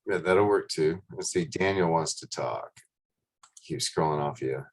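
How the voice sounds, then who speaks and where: A man's voice: very deep voice, unhurried. A man hosting a casual group video call, upbeat and encouraging, greeting people by name. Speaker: host of an online call.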